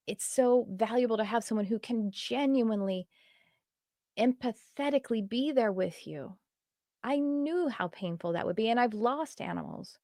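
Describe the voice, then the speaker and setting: A woman's voice: mid-range voice, a little mellow, no echo, studio quality. A woman spiritual teacher talking to her students in an earnest, reflective way that wanders loosely from thought to thought.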